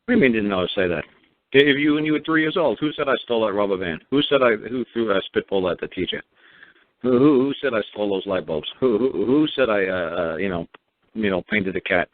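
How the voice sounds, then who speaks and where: A man from New York hosting a radio call-in show throws blunt, profane rhetorical questions at a caller, fast and expressive in a mid-range voice. The audio sounds like a tinny phone line, with no echo.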